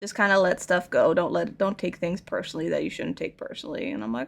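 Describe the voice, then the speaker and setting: Gravelly-voiced young woman rambling casually. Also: fairly low pitch, quick pace. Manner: rambling, playful, animated storytelling. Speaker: streamer painting figures. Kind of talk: casual chat while crafting.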